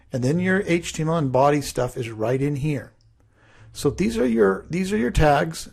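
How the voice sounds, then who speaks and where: A man talks through his code while teaching, thinking out loud in a laid-back screen recording. His medium-pitched voice sounds gravelly and husky.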